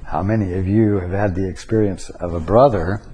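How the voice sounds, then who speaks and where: A man giving a spiritual teaching talk, slow and deliberate, pausing to stress single words. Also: deep voice, fairly even intonation, dark tone, a little hiss or hum.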